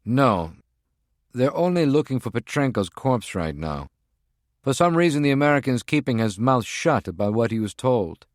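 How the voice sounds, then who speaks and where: A man's voice: mid-range voice, big pitch swings, moderate pace, dry recording, studio quality, voice pushed up, close to an everyday voice. A man voicing a male henchman who reports by secure phone in an urgent, clipped, strained way. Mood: tense.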